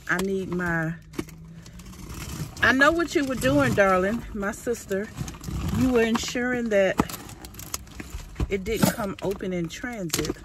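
A woman chatting excitedly in a casual vlog, saying "y'all" a lot. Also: medium pitch. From Georgia, US. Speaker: vlogger. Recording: noisy background.

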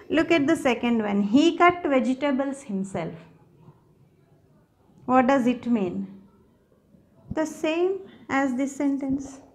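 A woman teaching a grammar lesson, explaining patiently step by step and often checking in with her students. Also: a little high. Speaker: English teacher.

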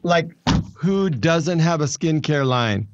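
A man's voice: a little high, animated, slow, no room sound, highs cut off. A man in his seventies chatting as a guest, laughing easily and restarting his sentences. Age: 70s. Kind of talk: casual chat.

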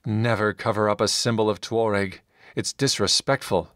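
A fanatical paladin holds forth with booming self-righteous zeal, as a male narrator puts him on. The voice sits low and carries clean and close with no room around it. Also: fairly even intonation, normal speed, fairly bright tone, no echo, natural voice. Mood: zealous. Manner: proclaiming, zealous, commanding.

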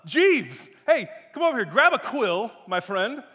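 A man's voice: very high voice, very animated, measured pace, pushed and bright, big-room sound, pitched above the performer's own voice, full character voice. A man putting on a posh British accent as an old apostle dictating to his butler. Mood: pompous.

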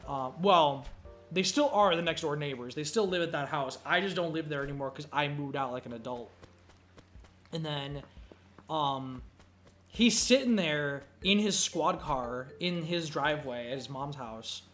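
A young man with a somewhat high voice tells rambling stories while he plays, swearing freely and leaning on fillers. Faint game music plays underneath. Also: measured pace, a bit bright. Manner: rambling, profane, full of fillers. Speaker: gameplay commentary host. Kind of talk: casual storytelling chat.

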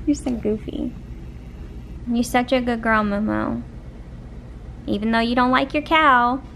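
A woman's voice: a little high, creaky, a little hiss or hum. A young woman with a Southern American accent, a vlogger cooing baby talk to her pet hamster in a casual pet vlog.

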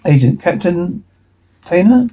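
A man reading a television episode transcript aloud, dialogue and sound cues alike, in one steady voice. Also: high voice, slow pace, slightly rough, poor audio.

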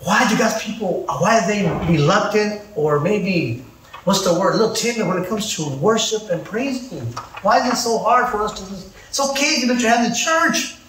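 A man preaching as a pastor, joking and calling out to his congregation in a lively sermon. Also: high voice, normal speed, roomy sound, far from the mic, a little hiss or hum, poor audio. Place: church.

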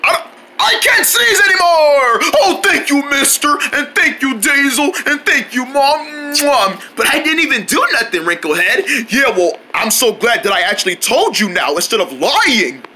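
One speaker voicing all the characters of a homemade cartoon and its channel promos, jumping between voices and shouting exclamations. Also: sits high, sing-song, normal speed, few pauses.

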